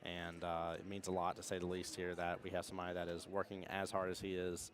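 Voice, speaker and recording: A man's voice: sits low, completely flat delivery, fast talker. An American man giving chatty, rambling live stream commentary at a pool tournament. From United States. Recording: crowd noise.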